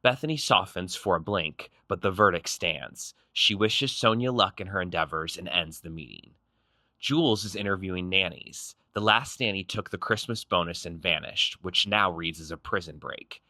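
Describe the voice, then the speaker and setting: A man's voice: sits low, pushed and bright, dry recording. A man narrating a reality show recap in a snarky, punchy scripted style. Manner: snarky, punchy, quick quips.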